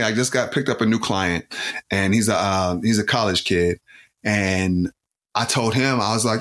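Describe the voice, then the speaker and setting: A man's voice: lowish voice, fairly even intonation, normal speed, fairly bright tone. A man who co-hosts a podcast and works as a life coach, talking earnestly and from the heart in a casual chat, with lots of filler words.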